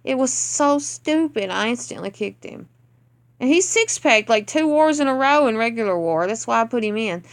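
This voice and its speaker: A woman's voice: a little high, creaky, clean tone. Blunt, ranting woman reviewing game attacks. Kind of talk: casual gameplay commentary.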